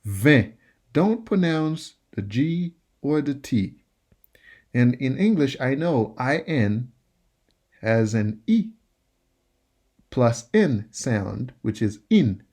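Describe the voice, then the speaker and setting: A man teaching pronunciation, repeating each word slowly and spelling out letters. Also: mid-range voice, lively intonation, mellow. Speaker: French teacher. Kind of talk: slow pronunciation lesson.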